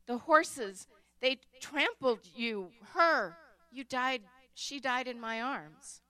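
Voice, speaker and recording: A woman voicing an emotional father who bursts out loudly, in a storybook reading. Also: sits high, expressive, takes it slowly, pitched above the performer's own voice, exaggerated voice. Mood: anguished. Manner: loud, emotional outbursts. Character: emotional, overjoyed then stricken father.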